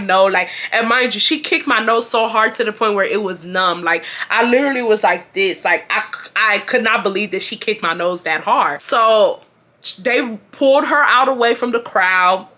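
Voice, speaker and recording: Woman, 20s, high and bright, loose, swearing storyteller who acts out her own shouting. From Houston, Texas. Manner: animated and profane, acting out shouted quotes. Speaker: vlogger. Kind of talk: casual storytime.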